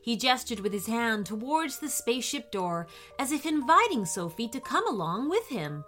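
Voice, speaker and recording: A woman narrating a children's story in a gentle, expressive storybook manner, giving the characters little voices. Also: fairly high pitch, moderate pace, slight background noise.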